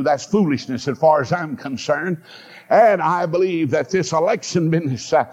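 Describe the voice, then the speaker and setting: Older guy preaching, folksy storytelling then shouting high and stretched out, kinda muffled lo-fi recording. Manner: impassioned, swings into high shouted bursts with drawn-out words; storytelling with fillers and repeated "listen to me". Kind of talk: sermon. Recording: dull lo-fi sermon recording.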